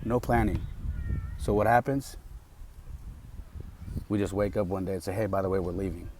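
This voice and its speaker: Speaking at a normal speed in a deep, slightly mellow voice, this American man hosts a solo podcast and holds forth passionately and outspokenly. There's slight background noise.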